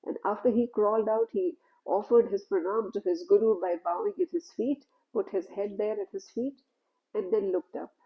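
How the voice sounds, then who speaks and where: A woman telling a spiritual story in a gentle, unhurried, conversational way. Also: mid-range voice, highs cut off.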